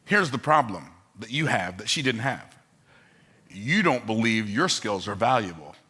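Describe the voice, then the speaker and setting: A man's voice: fairly low pitch, very animated, normal speed, pushed and bright, breathy edge. A man giving a motivational talk, emphatic and joking, repeating his key phrases for effect. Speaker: motivational speaker.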